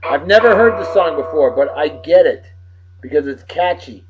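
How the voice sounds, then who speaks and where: A man from Massachusetts with a Massachusetts accent, hosting a casual solo show, rowdy and boastful, breaking into loud whoops. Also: fairly high pitch, lively intonation, moderate pace, highs cut off, faint music behind. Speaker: host.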